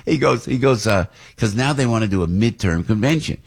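Husky, excitable New radio host. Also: male voice, mid-range voice, fairly quick. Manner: excitable, rambling, repeats words. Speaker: radio talk show host. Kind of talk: casual on-air storytelling.

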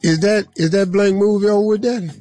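A man's voice: high-pitched, fairly even intonation, quick pace, warm tone, soft background music, natural voice. A man voicing a brassy, cussing woman who keeps calling a man daddy, in a mocking sing-song drawl.

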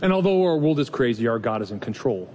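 A man's voice: big pitch swings, fast, darkish tone. A man preaching a sermon as pastor, in a conversational, storytelling way with rhetorical questions. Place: church sanctuary. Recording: long reverb hall, faint rumble.

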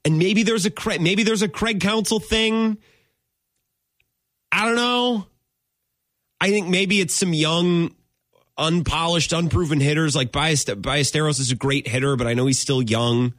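A man's voice: a little high, steady tone, moderate pace, a bit bright, no room sound, studio quality. A man hosting a sports podcast, talking casually and animatedly, laughing often and drifting off his point before circling back.

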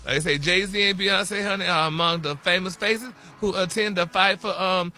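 A flamboyant older man hosts a celebrity gossip segment and peppers every phrase with "honey." His voice sits high for a man and has a bright, forceful edge. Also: fairly even intonation, normal speed, soft background music. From Texas. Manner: flamboyant, says "honey" constantly. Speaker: radio show host.

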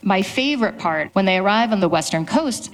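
A woman historian speaking at a public event, telling history in a lively storytelling way. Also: medium pitch, brisk.

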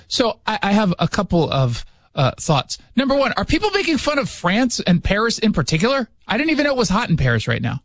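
Sarcastic high-voiced male radio host. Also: huge pitch swings, a little fast, fairly bright tone, dry recording. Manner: sarcastic, joking, self-interrupting. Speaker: radio talk show host. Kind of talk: casual political commentary. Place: radio studio.

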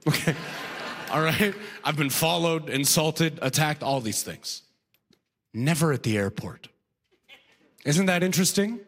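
An unhurried Canadian comic with a slightly high, expressive voice leaves long pauses as he performs stand-up on a club stage. Conversational and punchy with the crowd, he laughs at his own jokes, and the recording has faint noise plus long hall reverb.

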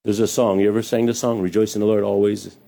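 Man preaching a relaxed sermon. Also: lowish voice, fast, creaky. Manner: conversational preaching with jokes and asides. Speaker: pastor. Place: hot church room.

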